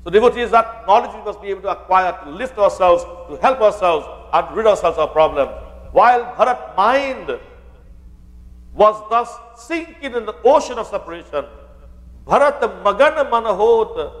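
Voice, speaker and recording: A man's voice: sits high, lively intonation, brisk, hardly any pauses, in a large hall, rough recording. A male pandit giving a sermon on the Ramayan, speaking to the devotees and quoting scripture. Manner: addresses listeners as devotees, quotes scripture.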